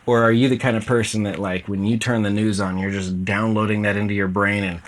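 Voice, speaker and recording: A man's voice: fairly low pitch, little pitch movement, a little fast, hardly any pauses. A tired man hosting his own video channel, talking casually in a rambling, self-deprecating way with plenty of fillers. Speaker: host.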